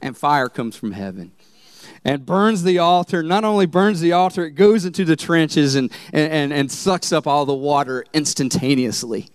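A male pastor preaching a sermon in church, telling the story in an animated way and laughing often. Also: a little high, normal speed, clean tone, no echo, clean studio sound.

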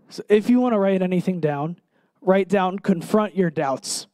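High-voiced man preaching a sermon. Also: dark tone, no room sound. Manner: earnest, emphatic preaching with pauses and direct questions to listeners.

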